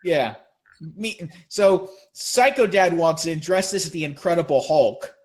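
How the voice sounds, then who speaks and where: A young man excitedly retelling a story in casual chat, acting out the quotes as he goes. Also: a little high, measured pace.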